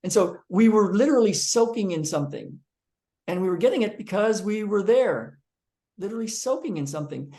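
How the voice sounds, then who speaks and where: Male therapist telling a personal story on camera, lively and rambling. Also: high-pitched, a little fast. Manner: animated storyteller, acting out quotes; frequent ums and restarts. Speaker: physical therapist. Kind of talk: storytelling monologue to viewers.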